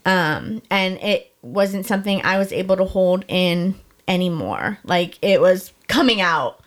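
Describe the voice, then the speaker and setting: A young adult woman candidly telling a personal story, talking fast and emotionally with many "like" fillers. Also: on the low side, animated. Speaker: podcast guest sharing her story.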